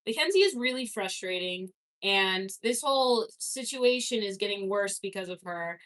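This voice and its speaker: A woman's voice: medium pitch, a bit bright. A young woman from Canada chatting casually on a livestream, reading chat comments, swearing and laughing easily.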